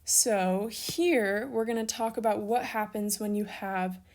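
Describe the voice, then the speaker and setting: A woman's voice: medium pitch, unhurried, a little mellow. A young woman teaching a recorded language lesson, upbeat and encouraging as she talks through worked examples and corrects herself casually. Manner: self-correcting, casual asides.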